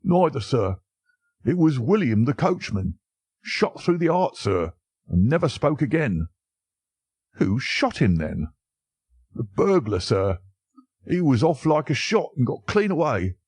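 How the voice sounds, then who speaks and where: A man voicing an excited male butler who gasps out urgent news. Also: medium pitch, a little slow, pauses often, husky, no echo, studio quality, voice pushed up. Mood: alarmed. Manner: gasping, urgent. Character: excited male servant, breathless bearer of bad news.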